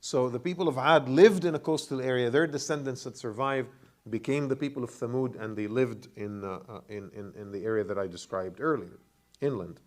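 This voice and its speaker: A man's voice: medium pitch, fairly quick. A man, an imam, teaching Quran commentary to a class, asking them questions and often repeating words as he goes. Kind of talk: classroom lecture with questions to the audience.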